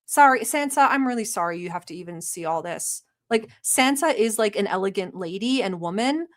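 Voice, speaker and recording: A woman's voice: mid-range voice, lively intonation, brisk. A young woman hosting a livestream, talking in a sarcastic, rambling, mock-earnest way with lots of fillers. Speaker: livestream host. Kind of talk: satirical livestream chat.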